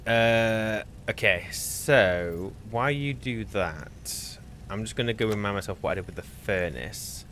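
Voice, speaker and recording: A man with a very deep, low voice talks through a co-op game in casual chat. He explains the mechanics at length and trades teasing banter. A faint hiss sits under his voice. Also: a little slow, a bit bright. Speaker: streamer, co-op game host.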